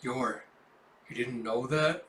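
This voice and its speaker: A man's voice: mid-range voice, takes it slowly, fairly bright tone, recorded from a distance, pitched below the performer's own voice. A man reading out a tired young father who speaks with strained, nervous politeness.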